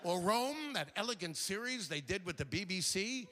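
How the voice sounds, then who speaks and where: An older man doing a stand-up routine on a theater stage, animated and slipping into quick impressions of other people. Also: high voice, slight background noise. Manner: animated, mimics characters in quick asides. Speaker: stand-up comedian. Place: theater stage before a live audience.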